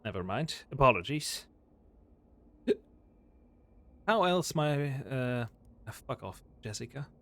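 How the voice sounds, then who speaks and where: Young guy streaming a game, chill and swears a lot, average pitch. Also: lively intonation, takes it slowly, pauses often, a bit bright, no room sound. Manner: casual, profane reactions. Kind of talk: live game stream commentary.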